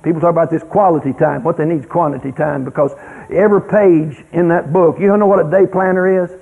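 A man telling a lively story about raising kids, acting out scenes and shouting the quoted lines. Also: a little high, fast talker, creaky, breathy edge. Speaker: speaker on parenting. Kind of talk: folksy storytelling talk. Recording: phone-like lo-fi radio broadcast.

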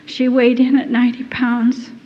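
A woman giving a personal testimony, telling her story in an earnest, halting and deeply moved way. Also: completely flat delivery. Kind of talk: emotional first-person storytelling. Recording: dull lo-fi recording in a reverberant hall.

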